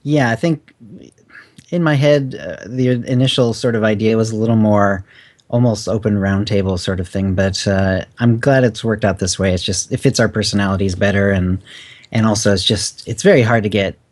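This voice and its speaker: A man's voice: on the low side, fairly even intonation, moderate pace. A man guesting on a podcast interview, talking in a rambling, hesitant way full of fillers and easy laughs. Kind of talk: casual interview.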